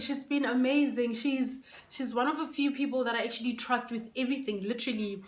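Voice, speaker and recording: A woman's voice: on the high side, fairly even intonation, a little fast, hardly any pauses. Emotional woman near tears, echoey room. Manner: emotional, fighting back tears, many fillers. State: close to tears. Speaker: vlogger. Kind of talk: casual unboxing chat. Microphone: phone camera.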